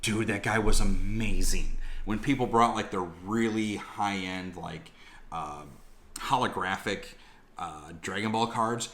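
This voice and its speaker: A man's voice: sits low, bright, forceful tone. A man rambling through a casual vlog about a convention, full of fillers and asides. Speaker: vlogger reviewing a convention.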